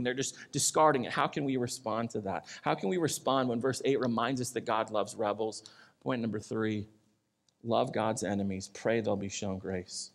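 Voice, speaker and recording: A male pastor preaching a sermon, moving between loud pleading and quiet, earnest lines. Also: mid-range voice.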